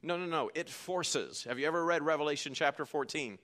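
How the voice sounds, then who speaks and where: A man's voice: fairly high pitch, a little fast, a bit bright. A male pastor preaching a sermon in a folksy, joking, emphatic way.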